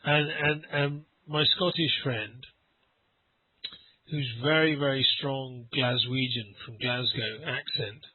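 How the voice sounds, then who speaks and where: Casual male tutor with a husky voice, talking over a dry, phone-quality line. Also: mid-range voice, fairly even intonation, slow, no room sound. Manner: chatty storyteller, laughs often. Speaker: English teacher. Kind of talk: casual conversation lesson over a call. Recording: phone-like dry audio call.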